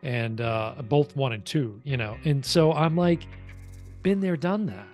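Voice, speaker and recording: A man's voice: medium pitch, a little slow, darkish tone, soft background music. A man co-hosting a casual review chat, speaking loosely with lots of "you know" fillers. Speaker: podcast co-host reviewing a TV series.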